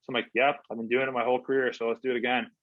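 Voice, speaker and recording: In a rapid-fire, level-toned voice of medium pitch, a Canadian hockey player guest tells casual stories, filling them with fillers and replayed exchanges in quotes. The interview recording is dry, dull, lo-fi, and free of room sound.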